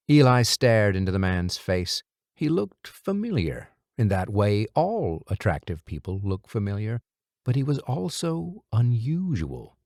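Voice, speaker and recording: A man narrating an audiobook in a lively, expressive storytelling manner on a close studio mic. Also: medium pitch, no echo. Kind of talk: scripted narration.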